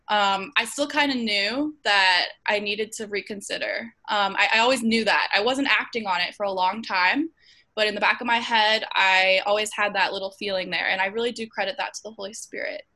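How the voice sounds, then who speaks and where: A woman's voice: medium pitch, steady tone, a little fast, bright, forceful tone. A woman hosting an online Bible study over a video call, speaking earnestly with frequent ums and restarts. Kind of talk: casual group discussion.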